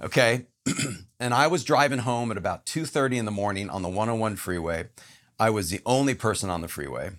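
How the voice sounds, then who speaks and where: A man's voice: lowish voice, a little fast. A man telling a personal story as a podcast guest, earnest and emphatic.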